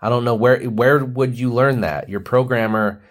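A man's voice: mid-range voice, moderate pace. A young man hosting a comedy podcast, rambling and joking with lots of fillers. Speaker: podcast host. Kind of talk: casual comedy podcast chat.

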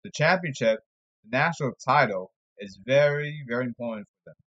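A man's voice: medium pitch, expressive, fairly quick, fairly bright tone, lo-fi sound. Sarcastic man ranting about sports. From New York area. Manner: sarcastic, exasperated, jumps between topics. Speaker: amateur sports commentator. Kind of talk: rambling sports commentary monologue.

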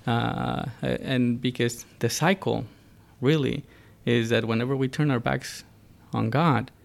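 A man's voice: medium pitch, steady tone, unhurried, creaky. A man from the United States in a casual religious discussion, talking earnestly with many fillers and restarts. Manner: earnest, builds emphatically.

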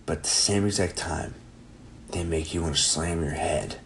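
A young man in his twenties hosts a solo podcast with a very low, deep voice. He rambles, jokes and swears freely. A faint hum sits behind his voice. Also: normal speed, low-quality recording. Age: 20s. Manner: profane, rambling, jokey. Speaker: podcast host. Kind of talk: casual solo podcast monologue.

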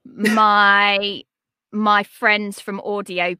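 A woman's voice: mid-range voice, level tone, drawn-out words, pushed and bright, clear, resonant tone, no echo, studio quality. A woman, an audiobook narrator, chatting as a podcast guest with enthusiasm. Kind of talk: casual interview chat.

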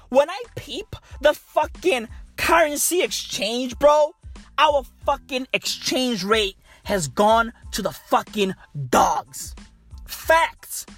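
A woman's voice: high-pitched, expressive, takes it slowly, slightly rough, faint music behind. A woman doing a comic rant monologue in slangy, profane hype-bro talk. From South Africa.

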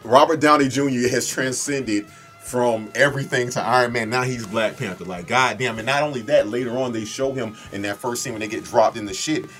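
A man co-hosting a podcast, rambling excitedly about films, swearing often and breaking into loud impressions. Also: medium pitch, fairly quick, faint music behind. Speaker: podcast co-host. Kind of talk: excited film chat.

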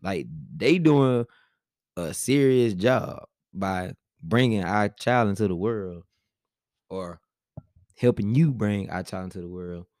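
A man's voice: fairly low pitch, slow pace, a little mellow, no room sound, clean studio sound. A man talking with his wife in a casual couple's chat, blunt and laid-back, pushing back on her points. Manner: blunt, laid-back, argumentative, says "bro" often. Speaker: husband in a couple's vlog.

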